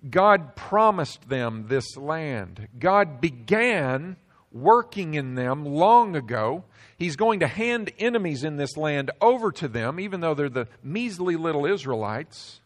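A man preaching a sermon as a pastor, emphatic, slowing down and dropping his voice low on key words. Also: big pitch swings.

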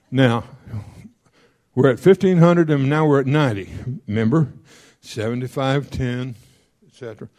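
Man, folksy money lecture, mellow dark voice, checks in with class, quick strings of numbers. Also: mid-range voice. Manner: folksy, checks in often with the audience; rattles off figures quickly. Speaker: financial counselor teaching a class. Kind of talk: classroom lecture on debt repayment.

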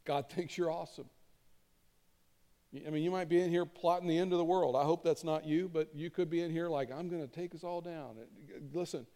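A man's voice: fairly high pitch, steady tone, fairly quick, warm tone. A middle-aged man preaching a sermon as pastor, conversational and earnest, repeating key lines for emphasis. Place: church auditorium stage. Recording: long reverb of a large hall.

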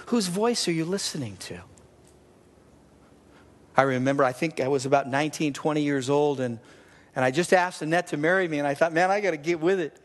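Middle-aged male pastor, storytelling sermon, shifts loud to hushed, reverberant hall. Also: high-pitched.

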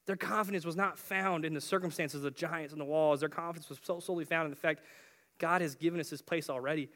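A man's voice: fairly high pitch, steady tone, fast, fairly bright tone. A young man preaching a casual youth sermon in a chatty way, with slang and frequent restarts.

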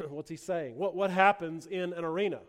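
A man's voice: fairly high pitch, moderate pace. A man preaching a sermon as a pastor, earnest, restarting phrases with repeated words and acting out sarcastic quotes.

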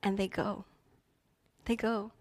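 A young adult woman preaching a sermon as a youth pastor, swinging between loud emphatic lines and hushed near-whispers. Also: medium pitch, flat delivery, slow.

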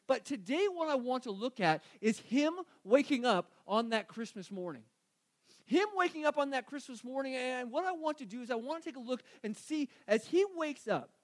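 A man's voice: extremely high pitch, lively intonation, normal speed. A man preaching a sermon as a pastor, earnest, often repeating phrases and asking rhetorical questions.

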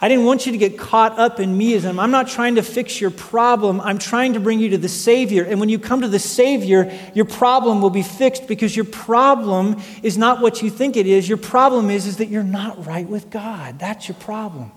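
A man in his late thirties preaching a sermon, telling stories with animation and swinging between loud and hushed delivery. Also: high-pitched, normal speed, hardly any pauses. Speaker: pastor. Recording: long hall reverb.

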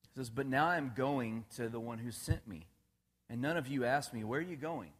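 A man preaching a relaxed, conversational sermon, often checking in with his listeners and laughing at his own jokes. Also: medium pitch, normal speed. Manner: casual, asks the congregation questions, laughs at his own jokes.

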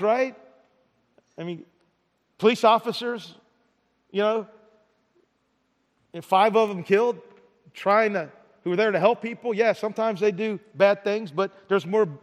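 A middle-aged man preaching a sermon as pastor, talking in a conversational way, often repeating words and tagging lines with "right?". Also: high voice. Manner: conversational preaching with repetitions and tag questions. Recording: large hall reverb.

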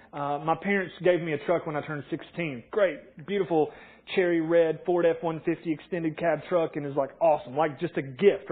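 Conversational preacher on a tinny broadcast. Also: male voice, high-pitched. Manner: conversational, animated storytelling with acted-out quotes. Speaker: pastor. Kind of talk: sermon.

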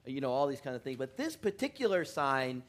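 A male pastor preaching a relaxed, joke-filled sermon in a church. He chuckles often, pokes fun at himself and rambles from aside to aside, at a middling pitch. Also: brisk. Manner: chuckling, self-deprecating, rambling. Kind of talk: joking sermon. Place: church in California.

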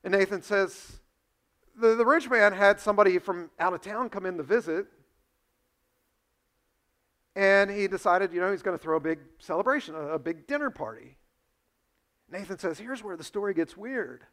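A pastor preaching a sermon, retelling a story and acting out its dialogue with sudden swings from quiet to loud. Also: male voice, sits high, normal speed, long pauses. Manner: storytelling, acts out dialogue with big swings in loudness.

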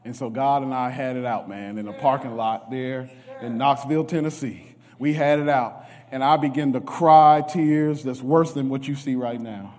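A man preaching a sermon, emotional, moving from hushed tones to shouts. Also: mid-range voice, fairly even intonation, normal speed. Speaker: guest preacher. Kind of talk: sermon with testimony. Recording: reverberant church hall.

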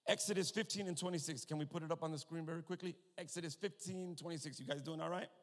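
Hallelujah-filled preacher in a reverberant church. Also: male voice, on the high side, fairly even intonation, fast talker. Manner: call-and-response preaching, frequent hallelujahs, swells to loud emphasis. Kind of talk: sermon. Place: church sanctuary with long reverb. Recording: long reverb of a church hall.

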